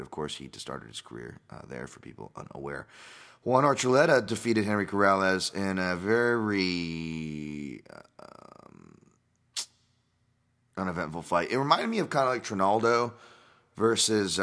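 Low-voiced man rambling through a podcast. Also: sing-song, normal speed, a bit bright. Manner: rambling, casual, swears freely. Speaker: podcast host. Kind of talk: solo podcast commentary on fight results.

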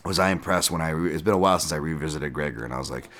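A man's voice: rumbling low, rapid-fire, fairly bright tone. A man hosting a podcast, talking through fight picks in a loose, rambling way, with frequent restarts and casual swearing. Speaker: podcast host and fight analyst.

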